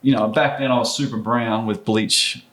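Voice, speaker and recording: A middle-aged man, a former basketball player, telling stories as a podcast guest in an animated, casual way. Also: medium pitch, moderate pace. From Australia. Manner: animated storyteller, acts out quoted voices. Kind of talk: casual storytelling interview.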